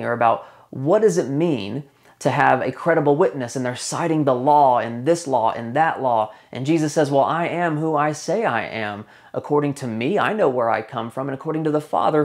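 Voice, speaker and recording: A man delivering a sermon in a conversational, teaching manner. His voice sits at an ordinary middle pitch. He often slows down to stress a point and repeats key phrases for weight. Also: a little mellow. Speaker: pastor.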